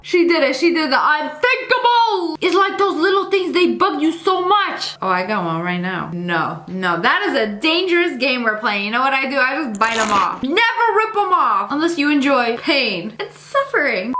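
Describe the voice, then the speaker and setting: A young woman riffs casually through a reaction video in a high, lively voice, dropping slangy, teasing jokes. Her voice rings a little in an echoey room, with music running underneath. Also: moderate pace. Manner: playful, slangy, teasing asides.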